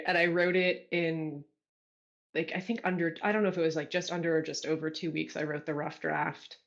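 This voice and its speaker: A guest author from California telling stories in a casual interview, animated and self-deprecating, laughing often, on a video call. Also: medium pitch, fairly quick. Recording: dull lo-fi audio.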